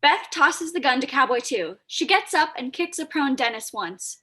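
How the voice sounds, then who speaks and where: A woman reads out the stage directions in an announcing way. Her voice is high and animated, bright and forward, with a husky, breathy edge. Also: moderate pace. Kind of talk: reading stage directions aloud.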